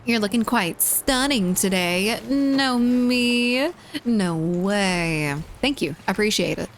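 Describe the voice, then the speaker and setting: A female game streamer hosts a casual live stream, her pitch bouncing up and down as she talks. Giggling easily, she reads viewers' messages aloud and answers them, with slight background noise in the recording.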